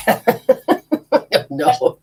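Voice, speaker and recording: A woman's voice: very slow, a little mellow. A woman hosting a casual live spirit reading, rambling, laughing often and acting out what the spirits say. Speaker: spiritual healer and medium.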